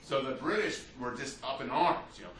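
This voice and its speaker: A man's voice: mid-range voice, animated, normal speed, crowd noise. A male history teacher giving a conversational classroom lecture, often checking in with "you see" and "right?" as he talks. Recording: roomy, distant, faint ambience.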